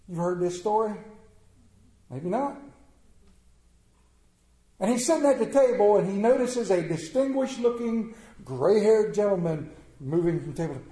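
A pastor preaches a sermon in a folksy, animated storytelling way. His voice is mellow and a bit high. The recording rings in an echoey church. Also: unhurried, pauses often.

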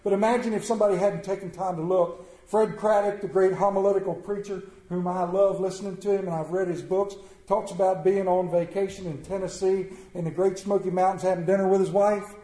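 In an echoey church, a pastor delivers a sermon with folksy, animated storytelling. His voice is mellow and slightly high, and he talks a little fast with few pauses.

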